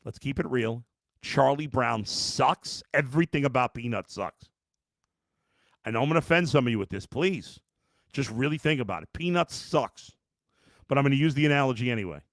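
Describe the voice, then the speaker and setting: A man's voice: medium pitch, lively intonation, fast talker, dry recording, clean studio sound. A man hosting a sports podcast after a game, ranting in an exasperated way and reading out chat comments. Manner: ranting, exasperated, with many restarts. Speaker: podcast host.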